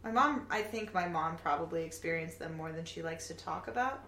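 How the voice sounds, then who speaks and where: Woman, low-pitched yet bright, animated storyteller, echoey room. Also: brisk. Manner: animated storyteller, swears casually. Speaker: guest. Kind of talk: casual chat. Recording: echoey room, faint background noise.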